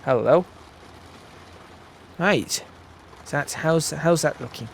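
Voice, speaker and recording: A man's voice: on the high side, slow, gravelly, slight background noise. A man giving rambling, self-deprecating let's-play commentary into a close desk microphone. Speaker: gaming video creator. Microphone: desk microphone close to the mouth.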